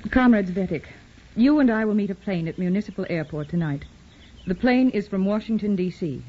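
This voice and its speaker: A man's voice: high-pitched, lively intonation, brisk. A performer voicing a terse, guarded female spy in an old radio drama. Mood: cool. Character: cool, secretive female party agent. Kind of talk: 1950s radio drama acting. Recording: dull lo-fi old radio recording.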